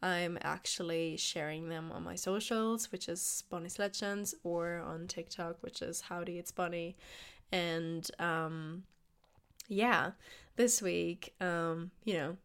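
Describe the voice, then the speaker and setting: A young woman hosting her podcast in casual, unedited talk, her voice hoarse and a bit raspy, chatty with many fillers and restarts. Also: fairly low pitch, fairly even intonation, slow pace, fairly bright tone. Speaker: podcast host.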